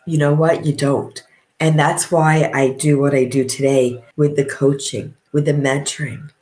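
Low-voiced heartfelt woman guest. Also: little pitch movement, darkish tone. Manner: heartfelt, reflective, slows for emphasis. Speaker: guest, coach and author. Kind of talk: emotional podcast interview.

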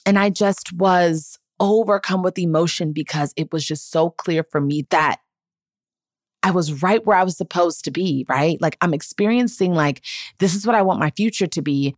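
Low-voiced woman, earnest and heartfelt. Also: no room sound, clean studio sound. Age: 30s. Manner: earnest and emotional, reflective. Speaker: podcast host. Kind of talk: heartfelt personal storytelling.

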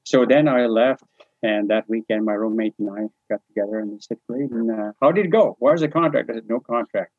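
A man's voice: mid-range voice, fairly quick, no echo. A man from New Brunswick, Canada, telling a personal story in a casual spoken memoir style, acting out the dialogue and chuckling often. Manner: animated storyteller, acts out dialogue, frequent chuckles. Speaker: interviewee telling his life story. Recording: dry, slightly muffled recording.

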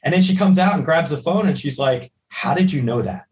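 A man's voice: a little high, expressive, a little fast, darkish tone. A man, a podcast guest and psychic medium, telling a personal story in conversation and acting out the dialogue he quotes.

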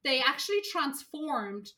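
Bright-voiced woman reviewing films. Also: high voice, sing-song, measured pace. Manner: enthusiastic, hesitant starts with ums. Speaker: podcast co-host. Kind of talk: casual movie review chat.

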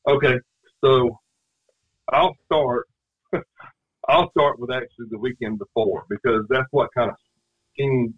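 A man's voice: mid-range voice, slightly rough. A man, telling a hunting story in a casual, rambling way, with lots of fillers and restarts. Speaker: guest. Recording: dull lo-fi sound.

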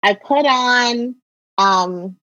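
A woman's voice: fairly high pitch, extremely slow, bright, forceful tone, no echo, muffled recording. A woman guest on a podcast chatting casually and breezily about her business, laughing easily. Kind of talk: casual chat.

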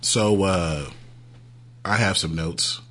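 A man co-hosting a podcast, talking casually in a halting, hesitant way. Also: deep voice, fairly bright tone, slight background noise. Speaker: podcast co-host. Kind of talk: casual chat.

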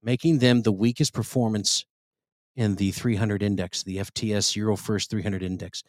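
A man co-hosting a comedy podcast in casual chat, animated and laughing, reading stories aloud with put-on voices. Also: fairly low pitch, moderate pace, dry recording, studio quality. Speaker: podcast co-host.

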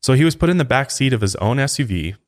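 A man hosting a podcast, narrating a true crime case in a steady, casual way with occasional asides to a co-host. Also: mid-range voice, quick pace.

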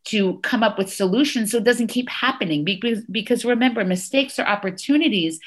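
A woman's voice: fairly high pitch, brisk. A woman in her thirties, a parenting educator, explaining in an interview and often checking in with "right?". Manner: earnest, often adds "right?" to points.

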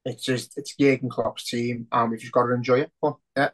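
This is a man chatting casually on a football podcast. He rambles, swears freely and gets excitable, and his voice sits at an ordinary middle pitch. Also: fairly quick, low-quality recording. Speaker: podcast co-host.

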